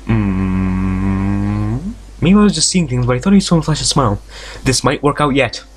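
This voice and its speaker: A man's voice: mid-range voice, animated, moderate pace, faint music behind. A man hosting a let's play, reading a visual novel aloud and breaking off into jokes, tangents and frequent swearing. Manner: reads story text aloud, stumbling over words.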